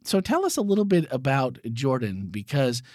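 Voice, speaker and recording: A man's voice: mid-range voice, normal speed, no room sound, clean studio sound. A man hosting a casual podcast, playful and chatty, welcoming a guest. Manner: animated, playful, jokes and mock voices. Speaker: podcast host.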